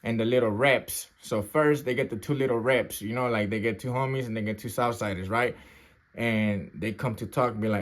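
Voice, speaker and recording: A man's voice: fairly low pitch, moderate pace. Slangy man telling a street story. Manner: slangy, street talk, keeps checking in with "right?" and "bro"; acts out sounds and gasps while telling. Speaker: storyteller recounting his youth custody experience. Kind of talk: casual storytelling to camera.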